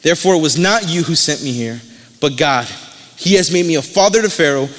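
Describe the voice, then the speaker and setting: A man's voice: fairly high pitch, animated, a little fast, a bit bright, in a large hall. A man preaching a sermon, retelling a Bible story in casual words and briefly acting out the characters' lines.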